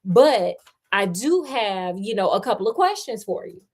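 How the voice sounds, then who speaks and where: A woman's voice: medium pitch, sing-song, a little slow, a little mellow, slightly rough. A woman voicing a sly, cocky male detective who talks in laid-back slang.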